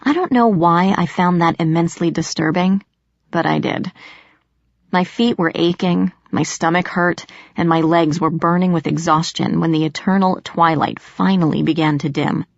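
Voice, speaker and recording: A woman narrates a first-person story in a steady, measured audiobook style. Her voice sits a little low. The recording is dry and slightly dull. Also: vocal fry, no room sound.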